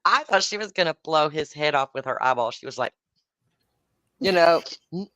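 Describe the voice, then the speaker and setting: A low-voiced woman with a drawl tells a story in a blunt, foul-mouthed way, chuckling as she goes. Her pitch swings widely from phrase to phrase. The mic sits close, and the sound is dry. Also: animated, normal speed, fairly bright tone, no echo. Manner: blunt, profane, laughs while telling stories. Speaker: podcast host. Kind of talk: casual storytelling chat.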